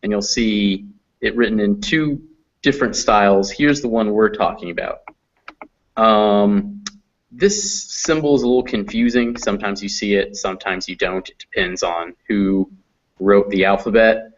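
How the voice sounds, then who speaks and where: A man teaching English pronunciation in an online class, patiently explaining phonetic symbols and slowing down to demonstrate sounds. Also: fairly low pitch, lo-fi sound.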